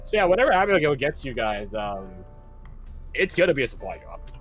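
Young man, game master, casual chat, animated, middle pitch. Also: a little fast, soft background music. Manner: animated, laughing, lots of fillers.

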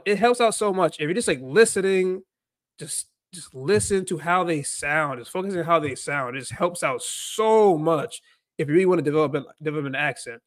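A man's voice: sits high, a bit bright, dry recording. A man hosting a casual livestream, rambling with lots of "like" and restarted sentences. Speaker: host.

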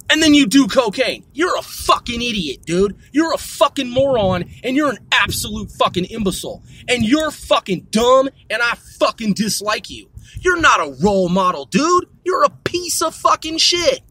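A man's voice: very high-pitched, bright, forceful tone, slightly rough, no echo. A man delivering a heated, profanity-laden monologue, repeating himself as he builds up steam. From United States. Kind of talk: ranting monologue.

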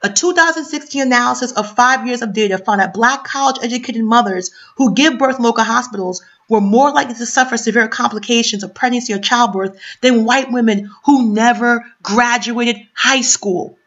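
An impassioned woman vlogger from New York City reads a news piece aloud and keeps breaking off to argue with it, firing rhetorical questions. Her voice sits a little high. The sound is dull and lo-fi, like a cheap webcam mic. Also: a little fast, hardly any pauses, fairly bright tone. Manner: impassioned, emphatic, repeats rhetorical questions, swings between reading and outburst. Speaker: commentary vlogger. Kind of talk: reading an article aloud and ranting about it.

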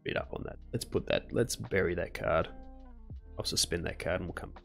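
Young man, casual streamer chat, low gravelly voice, faint guitar music behind. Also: fairly quick. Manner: casual, chatty, laid-back slang. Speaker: medical student streamer. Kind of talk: casual live-stream chat while studying.

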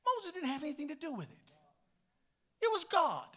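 A male pastor preaching a sermon in a call-and-response style, swinging from hushed lines to shouted ones. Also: very high-pitched, huge pitch swings, normal speed.

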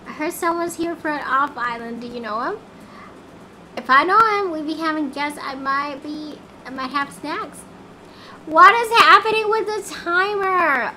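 A woman's voice: high voice, animated, moderate pace, pushed and bright, a little hiss or hum. A woman chatting casually on a game livestream, easily flustered and singing snatches of songs.

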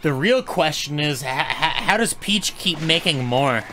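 A man's voice: fairly high pitch, expressive, unhurried, sharp tone, soft background music. A young man streaming a video game, rambling and joking with stammered restarts. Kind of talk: casual game commentary.

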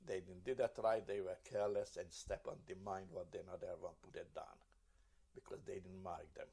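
An older man giving halting testimony in broken English, repeating words as he searches for them. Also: low-pitched, steady tone, gravelly, dark tone. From Hungary. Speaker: Holocaust survivor giving testimony. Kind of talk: recorded testimony.

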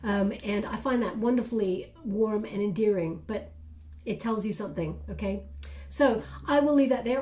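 Chatty woman tarot reader, mellow voice. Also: a little high, a little fast, slight background noise. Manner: chatty, reassuring, many fillers and "okay?". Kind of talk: casual tarot reading vlog.

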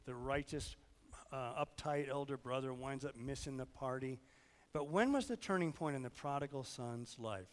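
A hoarse male pastor preaching a sermon, his voice carrying a long reverb through a church hall. He questions his congregation, swings between loud, urgent passages and quiet, hushed ones, and keeps a conversational pace at a medium pitch. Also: moderate pace. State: hoarse, fighting sickness.

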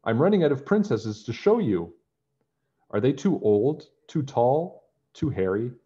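A man voicing an exasperated old king in a storybook, asking questions loudly. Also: medium pitch, very animated, a little slow, dull audio, voice pushed up. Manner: loud, exasperated.

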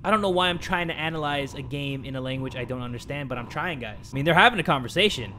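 A young man commentating a horror game, excitable and jokey, dropping to a hush and then shouting. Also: medium pitch, quick pace, a little hiss or hum. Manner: excitable, jokey, swings between hushed and shouting. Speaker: gaming commentator.

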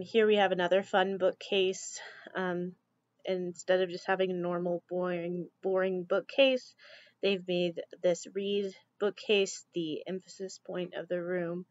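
Woman teacher with a lowish voice. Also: no room sound. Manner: relaxed, chatty, frequent ums. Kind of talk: classroom slideshow lecture. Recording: dull lo-fi dry recording.

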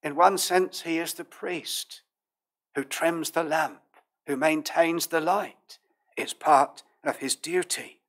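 A man preaching a sermon as pastor, in a measured, earnest manner with old King James phrasing. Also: on the high side, steady tone, fairly bright tone.

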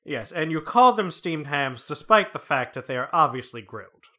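A man doing a gruff, stiff school inspector. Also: a little high, expressive, normal speed, pushed and bright, heavily acted. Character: stiff middle-aged male school inspector.

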